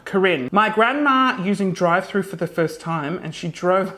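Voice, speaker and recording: A woman's voice: fairly low pitch, expressive, moderate pace, background noise. A young woman reading funny viewer stories aloud in a casual comedic vlog, swearing often and laughing as she goes.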